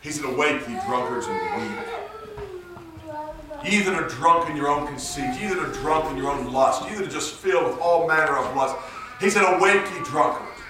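A man preaching a sermon, swinging from low murmurs to shouted high cries. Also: moderate pace. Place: church sanctuary. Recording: roomy church recorded from far off.

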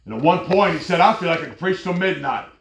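A man preaching a fervent sermon, telling stories and rising to loud exclamations. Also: a little high, lively intonation, quick pace, echoey room, a little hiss or hum.

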